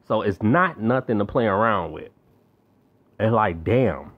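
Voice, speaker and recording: A man's voice: lowish voice, animated, unhurried, husky. Fuming young man ranting, lo-fi. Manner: heated, profane, venting. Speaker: vlogger. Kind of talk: angry rant to camera. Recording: slightly dull lo-fi audio.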